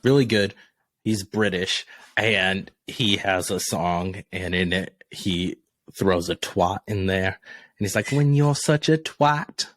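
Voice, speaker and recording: Man, podcast co-host, casual chat, low voice, dry close sound, blunt, profane. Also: steady tone, slow pace, a bit bright, no echo. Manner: blunt, profane, laughs often.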